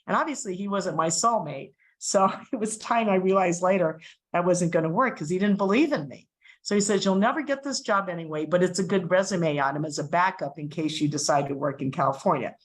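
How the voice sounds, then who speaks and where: A middle-aged woman telling a personal story as a guest speaker, animated and acting out the voices of the people in it. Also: on the low side, fairly quick, rough recording. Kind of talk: storytelling talk.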